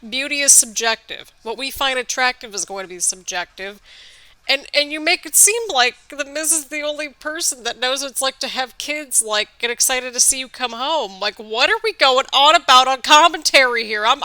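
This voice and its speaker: A woman hosting a wrestling reaction video, chatting excitably with quick laughs while a bit stuffy from allergies. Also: sits high, smooth, dry recording. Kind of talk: casual live reaction commentary.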